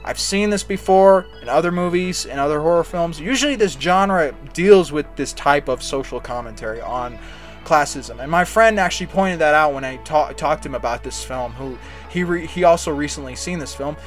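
A man's voice: on the high side, lively intonation, normal speed, soft background music. A young man giving a casual, unscripted movie review, talking bluntly and rambling with frequent restarts and filler words. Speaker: film reviewer.

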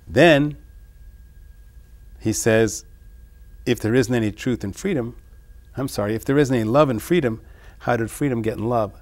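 A man discussing his own song lyrics in an interview, reading lines and then explaining them in a musing, halting way. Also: mid-range voice. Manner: halting, many restarts. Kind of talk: reflective interview talk.

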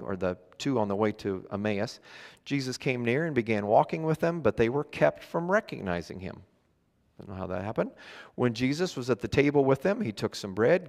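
A man's voice: medium pitch, creaky. A male pastor preaching a sermon, reading scripture and adding chuckling, conversational asides. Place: church sanctuary. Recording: long church reverb.

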